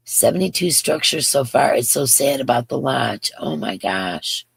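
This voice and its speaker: A woman's voice: extremely low pitch, expressive, moderate pace, creaky, few pauses, breathy edge, no room sound. A woman in her fifties hosting a craft livestream, chatting in a rambling way and reading viewer comments aloud. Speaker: crochet livestream host. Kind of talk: casual livestream chat.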